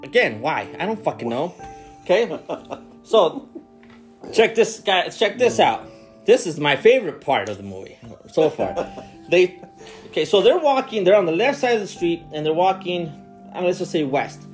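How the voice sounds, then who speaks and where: Animated man recapping a baffling movie. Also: high-pitched, normal speed, pauses often, faint music behind. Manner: animated, incredulous storytelling with swearing. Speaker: podcast co-host. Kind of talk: casual movie recap chat.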